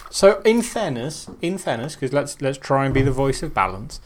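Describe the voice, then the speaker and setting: A man's voice: mid-range voice, sing-song, normal speed, slight background noise. A man co-hosting a podcast, dry and steering the conversation. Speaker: podcast co-host. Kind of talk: casual chat.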